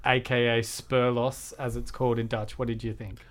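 A man's voice: medium pitch, flat delivery, moderate pace, a bit bright. A man hosting a casual film podcast, rambling and self-deprecating with many fillers and restarts. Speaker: podcast host.

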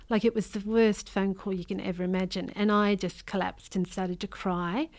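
An Australian woman in middle age tells a deeply personal story in an interview. She sounds earnest and hesitant, and often stops to restart her thoughts. Her voice sits at a middle pitch. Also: flat delivery, moderate pace, hardly any pauses, darkish tone. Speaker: interview guest, memoir author.

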